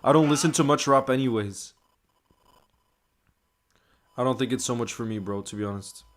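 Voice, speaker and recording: A man's voice: medium pitch, moderate pace. Young man chatting on a livestream. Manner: chatty, greets viewers by name. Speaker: livestream host. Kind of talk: casual live-stream chat reading comments.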